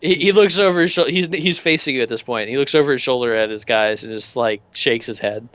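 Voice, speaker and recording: A man runs a tabletop game, describing actions in a casual, loose way. His voice is bright and forceful. The recording is dry and close. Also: mid-range voice, quick pace, no echo. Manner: casual, loose, with restarts and fillers. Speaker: game master.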